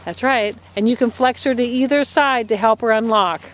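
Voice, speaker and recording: A woman's voice: on the high side, normal speed. A woman riding instructor coaching a rider live, encouraging her and repeating short commands.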